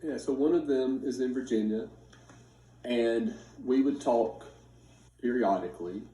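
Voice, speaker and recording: A man in his fifties telling a story casually to family and friends, acting out the quoted voices with lively emphasis. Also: medium pitch, unhurried. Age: 50s. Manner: animated, acts out quoted speech. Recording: roomy sound from a distance.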